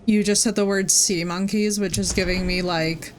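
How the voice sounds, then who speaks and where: A woman's voice: medium pitch, steady tone, normal speed, slight background noise. A woman from New Jersey chatting with her viewers by name during a live gaming stream. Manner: chatty, talks to chat by name.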